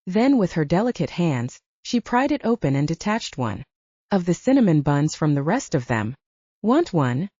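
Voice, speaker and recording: A woman narrating a first-person audiobook in an expressive storytelling manner, close to the mic. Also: fairly low pitch, normal speed, dry recording. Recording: slightly dull, dry recording.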